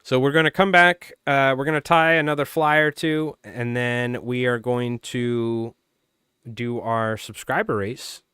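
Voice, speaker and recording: Hoarse man calling a marble race. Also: mid-range voice, steady tone, a little slow, sharp tone, no room sound, clean studio sound. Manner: playful sportscaster-style play-by-play of a marble race. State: hoarse, voice wearing out. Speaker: fly tying live streamer. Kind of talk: live stream commentary.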